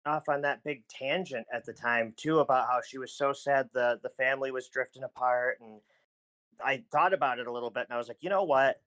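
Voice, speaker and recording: Man, casual podcast chat, rambling storyteller, mid-pitched voice. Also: steady tone, a little fast, sharp tone. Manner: rambling, self-interrupting storyteller.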